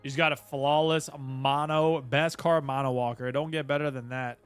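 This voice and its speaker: A man's voice: medium pitch, fairly even intonation, normal speed, clean tone. A man streaming a game live, chatting casually and greeting viewers by name, with faint music behind.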